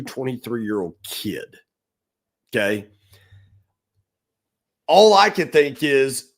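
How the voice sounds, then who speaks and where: A middle-aged man co-hosting a podcast, telling an animated story and acting out the quotes. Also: fairly high pitch, vocal fry. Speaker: podcast co-host. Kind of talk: storytelling in casual podcast talk.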